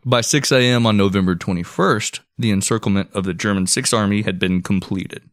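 Low-voiced man narrating history casually. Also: fairly quick, no echo, studio quality. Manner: reads out history notes, laid-back and profane. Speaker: podcast co-host.

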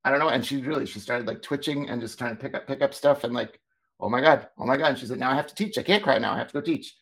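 Gravelly man telling an animated story. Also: medium pitch, very fast. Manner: animated, acts out quoted dialogue. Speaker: podcast co-host, former teacher. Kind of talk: casual storytelling chat.

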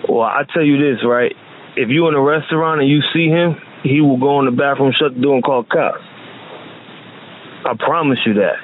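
A man's voice: medium pitch, moderate pace. New jersey guy on a phone line, plainspoken, bit of hiss, keeps restarting himself. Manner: plainspoken, emphatic, many restarts. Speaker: phone guest. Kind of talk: casual phone conversation.

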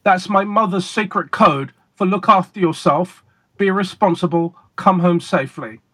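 A man being interviewed as a guest magician, telling stories in a deliberate, emphatic way with pauses for effect. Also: high-pitched, a bit bright. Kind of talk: casual interview storytelling.

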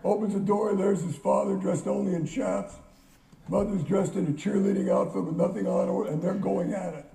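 A man's voice: high voice, moderate pace, vocal fry, warm tone. A man telling a joke with punchy comic timing, heard as a clip from a distance. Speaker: comedian. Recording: far-off, echoey, dull clip.

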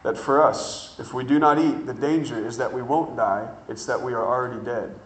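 A man preaching a sermon, telling a story and acting out the people in it, building to excited shouting. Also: mid-range voice, normal speed, reverberant, distant mic, slight background noise, low-quality recording. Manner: builds from calm to shouting excitement, acts out dialogue. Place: church hall with congregation.

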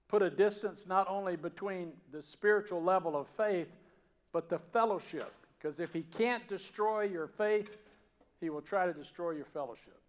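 Storytelling Southern-raised man preaching. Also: high-pitched. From Georgia mountains, US South. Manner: conversational, storytelling, dynamic swings from loud to hushed. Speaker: pastor. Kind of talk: sermon.

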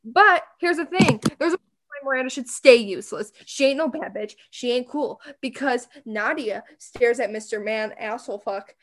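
High-voiced, blunt woman podcaster. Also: moderate pace. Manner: blunt, profane, sarcastic retelling. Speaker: podcast co-host. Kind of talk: casual TV recap chat.

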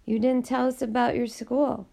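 A woman reading an audiobook, voicing a quiet young girl who gently reproaches a friend, in a gravelly voice. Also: fairly high pitch, flat delivery, normal speed, voice pushed up. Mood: reproachful.

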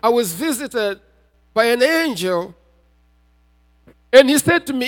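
A man preaching a sermon as a pastor, telling a personal testimony and building to shouted appeals. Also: very high voice, animated, takes it slowly. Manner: testimony told with rising intensity, often shouting. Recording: reverberant hall.

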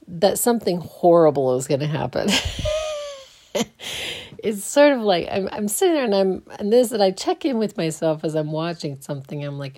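A woman hosting her own podcast talks in a fairly low, sing-song voice with a dark tone at normal speed. It's a casual solo chat, and being sleepy early in the morning, she rambles and restarts a lot.

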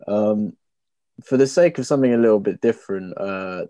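Laid-back young musician, low voice. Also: male voice, moderate pace, no echo, clean studio sound. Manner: relaxed, rambling, trails off softly. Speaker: band member. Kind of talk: casual interview chat.

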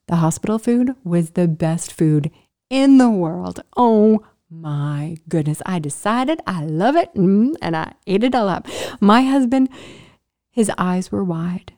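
Animated woman telling a personal story. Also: on the low side, takes it slowly. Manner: animated, laughing, drops into whispers for emphasis. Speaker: vlogger.

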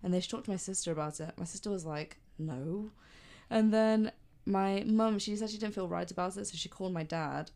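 A woman's voice: medium pitch, a little fast, few pauses. A young woman chatting casually, telling family stories and acting out what people said. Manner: chatty storyteller, quoting family with lively voices. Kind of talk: casual chat.

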